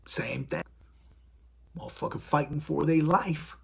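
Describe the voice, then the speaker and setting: A man's voice: on the low side, a little slow, vocal fry, slightly rough. A man hosting a live stream in casual talk, blunt and profane. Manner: blunt, profane, animated storytelling.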